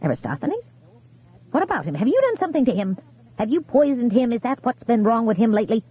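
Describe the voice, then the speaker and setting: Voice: medium pitch, very animated, normal speed, breathy edge. A reader doing a quavery frail old widow. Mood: angry, panicked. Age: older. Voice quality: weak, quavery. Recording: tinny phone-like sound.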